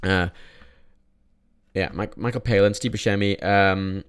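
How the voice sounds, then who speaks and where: A man's voice: deep voice, steady tone, a little slow, clear, resonant tone. A young man casually reviewing films in a vlog, rambling with many restarts and frequent swearing. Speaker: film reviewer.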